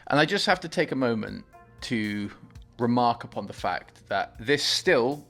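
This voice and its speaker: A man hosting a movie reaction, talking about the film with excited, gushing enthusiasm. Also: medium pitch, unhurried, faint music behind.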